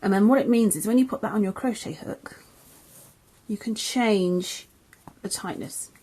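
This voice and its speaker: A woman's voice: medium pitch, unhurried, warm tone, slight background noise. A young English woman, a crochet designer, teaching a beginner's tutorial in a chatty, friendly way that often corrects itself as she goes. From England. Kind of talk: casual tutorial.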